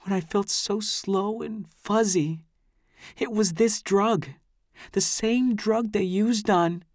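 A man's voice: high-pitched, takes it slowly, dry recording, clean studio sound, pitched above the performer's own voice. A man voicing a distraught, tearful teenage girl who pleads and chokes up. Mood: shaken.

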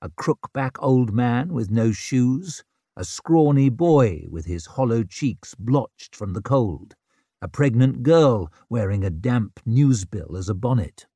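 A man's voice: medium pitch, expressive, takes it slowly, warm tone, breathy edge, no room sound. A man narrating an audiobook in a dry, wry manner.

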